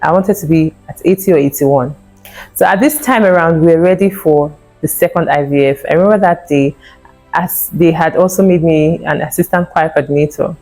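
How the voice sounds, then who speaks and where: Vlogging about her fertility experience, a woman in her thirties tells the story earnestly and emotionally, acting out what was said. Her voice is low and a little mellow at a moderate pace, with faint music behind it on a rough recording.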